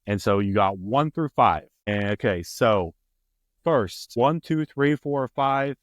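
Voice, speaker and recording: A man hosting a casual podcast chat, animated and quoting movie lines with a lifted voice. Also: mid-range voice, slow pace, no room sound, clean studio sound. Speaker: podcast host.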